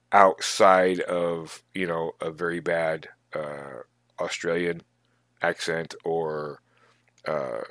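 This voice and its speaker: Deep-voiced man, halting podcast chat. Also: a bit bright, no room sound, studio quality. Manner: halting, thoughtful, many restarts. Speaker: podcast co-host. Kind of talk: casual chat.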